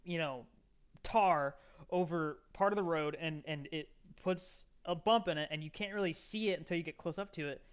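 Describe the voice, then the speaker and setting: Man, high voice, podcast co-host, excitable casual chat. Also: moderate pace, smooth. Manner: excitable, says "dude" a lot.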